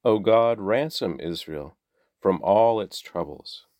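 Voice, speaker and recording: Deep-voiced man reading scripture slowly. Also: no echo, clean studio sound. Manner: slow, measured, steady reading. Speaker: Bible reader.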